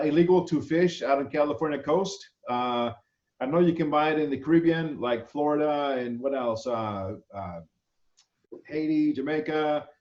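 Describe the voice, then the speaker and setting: A man teaching an online culinary class, reviewing student menus with a halting delivery and many fillers. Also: a little high. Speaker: culinary instructor. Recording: echoey, dull lo-fi video call audio.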